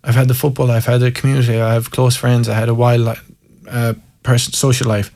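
Gravelly Irish man telling stories. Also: medium pitch, little pitch movement, brisk, darkish tone. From Ireland. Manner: candid and self-mocking, laughs through anecdotes. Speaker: guest. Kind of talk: storytelling in an interview.

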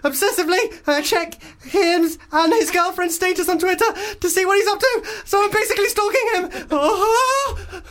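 A man putting on the voice of a panicked young woman being chased through the woods, reading a letter in high gasps and shrieks, out of breath. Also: normal speed, few pauses, fairly bright tone, slight background noise.

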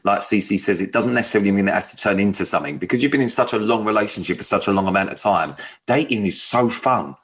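A man's voice: on the low side, quick pace, a bit bright. A man co-hosting a radio dating show, chatting loosely, swearing freely and bantering with his co-host. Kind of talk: casual chat.

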